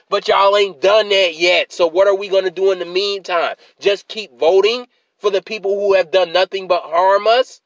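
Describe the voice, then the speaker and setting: A man's voice: sits high, a little fast, no echo, low-quality recording. A man ranting in a video essay, exasperated and repeatedly demanding what people are talking about, tired after a work shift. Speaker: political commentator.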